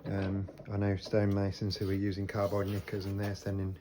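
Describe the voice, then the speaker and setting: A man's voice: low-pitched, a little fast. A man talking casually as he restores old hand planes, explaining each step while he works in his workshop. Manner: relaxed, explains while working with hand tools. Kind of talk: casual workshop talk to camera. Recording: workshop with clear scraping and rasping noise behind.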